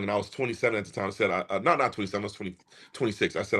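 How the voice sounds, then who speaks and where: A man's voice: fairly low pitch, racing, husky. A man in his fifties, a music producer and guest, telling a story casually and acting out the voices of the people in it. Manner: animated, acts out quoted voices.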